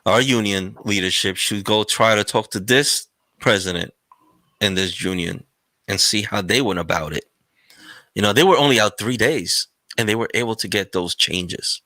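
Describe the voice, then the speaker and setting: A man hosting a casual podcast chat, relaxed and prone to restarts. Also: on the low side, normal speed, no echo. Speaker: podcast host, transit worker.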